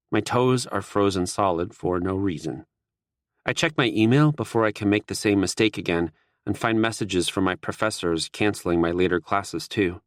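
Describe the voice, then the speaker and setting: A man narrating a first-person audiobook in a steady, wry manner. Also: low voice, dry recording, clean studio sound.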